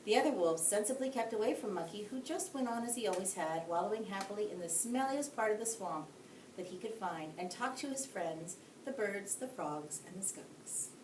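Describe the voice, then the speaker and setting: Woman teacher reading a bedtime story, very lively up-and-down delivery, echoey room, mic set back. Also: mid-range voice, brisk. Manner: expressive, asides to young listeners. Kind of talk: read-aloud storytelling. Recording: echoey room, distant mic, faint hiss.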